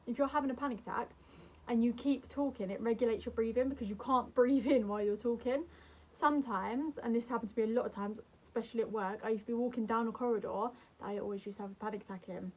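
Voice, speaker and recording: A young woman speaks to camera in a gentle, earnest way. Her voice sits a little high, and she keeps a calm, soothing tone as she gives advice. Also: breathy edge. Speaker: mental health vlogger.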